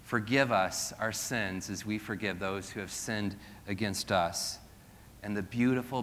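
A middle-aged male pastor preaches with a bright, forceful voice, mixing scripture with wry self-deprecating asides. He throws rhetorical questions at the congregation, and his words trail off in the long reverb of a church hall. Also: medium pitch. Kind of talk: sermon.

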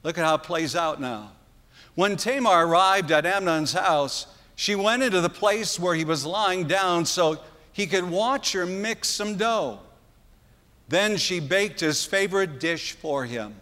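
A man preaching a sermon, retelling a story earnestly with dramatic pauses. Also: high-pitched, bright, forceful tone. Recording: long hall reverb.

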